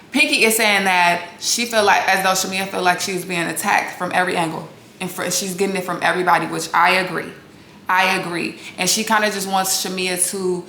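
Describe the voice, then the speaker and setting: A woman recaps a reality show in a blunt, sassy, profane way, talking straight to her viewers. Her voice is bright and forceful. The sound has a roomy echo with a faint hiss behind it. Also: medium pitch, creaky. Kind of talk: casual opinionated recap. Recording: echoey room with faint noise.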